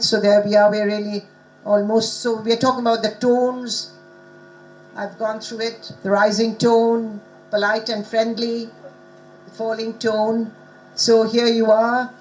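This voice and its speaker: A woman's voice: on the high side, poor audio. Engaging woman leading a pronunciation workshop. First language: not English. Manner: engaging, asks the audience questions. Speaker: workshop presenter. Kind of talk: conference workshop talk on pronunciation. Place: conference hall.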